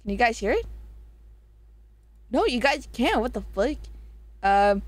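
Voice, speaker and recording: A woman's voice: high voice, expressive, measured pace, pauses often, dry recording. A young woman streamer in casual live-stream chat, reading chat aloud with lots of swearing and laughing. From Southern US.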